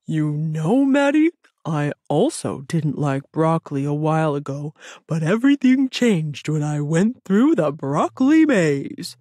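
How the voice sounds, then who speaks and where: A woman's voice: deep voice, very animated, a little slow, no echo, clean studio sound, full character voice. Woman doing a cheerful friendly bear. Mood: kind. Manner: warm, dreamy and enthusiastic. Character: cheerful friendly male bear who loves vegetables. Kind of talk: children's audiobook character voice.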